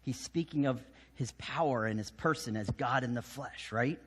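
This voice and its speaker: A man preaching a sermon as pastor, telling the story with lively acted voices and sudden hushed drops. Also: mid-range voice, normal speed, breathy edge, big-room sound. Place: church sanctuary.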